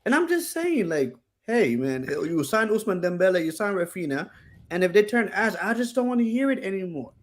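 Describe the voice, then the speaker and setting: A young man co-hosting a casual chat, rambling and halting as he complains. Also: sits high, sing-song. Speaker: co-host.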